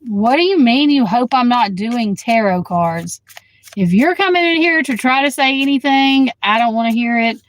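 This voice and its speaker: A woman tarot reader chatting casually to her livestream viewers, blunt and outspoken, swearing freely and quick to flare up at the chat. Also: a little high, expressive, low-quality recording.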